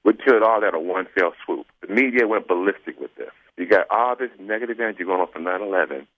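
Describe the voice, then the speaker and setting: A low-voiced man from South Central Los Angeles races through a personal story on a radio show. He acts out each quoted exchange as he goes. The recording is dull and lo-fi, with a dry sound. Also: no echo. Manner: animated storyteller acting out quoted dialogue. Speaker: guest telling his story. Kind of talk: storytelling interview.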